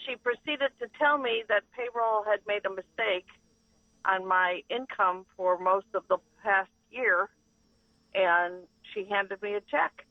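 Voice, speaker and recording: A woman's voice: mid-range voice, a little slow, dry recording. A woman calls in and tells her story earnestly. Her voice comes through a muffled phone line. The sound is dry. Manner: earnest, animated retelling. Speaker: caller.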